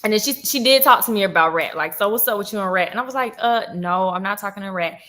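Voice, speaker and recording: A woman's voice: medium pitch, fast talker. A young woman telling a story in a casual, chatty vlog and acting out the people she quotes. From Georgia, US. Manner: chatty, animated, acts out quoted voices. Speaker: vlogger.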